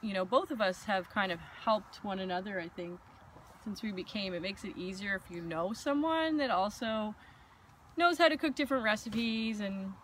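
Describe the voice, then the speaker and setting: A woman hosts a casual conversation, telling stories in an animated way and acting out the lines of the people in them. Her pitch sits in the middle range for a woman, and a faint noise runs under the recording. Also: moderate pace. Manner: animated storytelling with acted-out quotes. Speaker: host. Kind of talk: casual chat.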